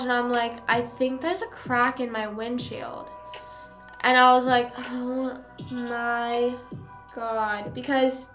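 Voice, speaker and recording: A woman's voice: fairly high pitch, sharp tone. A young woman streamer casually telling a story, rambling with lots of fillers and casual swearing.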